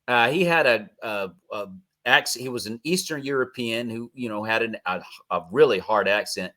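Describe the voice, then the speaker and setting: A man's voice: medium pitch, moderate pace, bright, forceful tone. Man, podcast host, casual conversation, storytelling, laughs a lot, acts out quotes. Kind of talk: casual interview chat.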